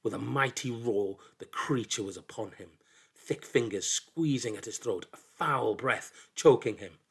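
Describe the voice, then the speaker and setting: A man narrating a folk tale in an expressive, dramatic storybook reading that drops into hushed lows. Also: a little slow, vocal fry, slightly rough.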